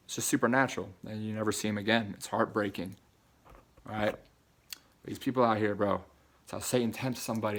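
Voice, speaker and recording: A man giving a rambling personal monologue in casual slang, repeating himself and getting emotional. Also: mid-range voice. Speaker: vlogger.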